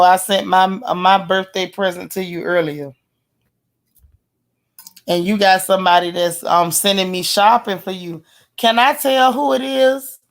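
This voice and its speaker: Hoarse woman, livestream host, chatty and affectionate, mid-pitched, reading comments aloud. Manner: affectionate, teasing. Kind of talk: casual live-stream chat.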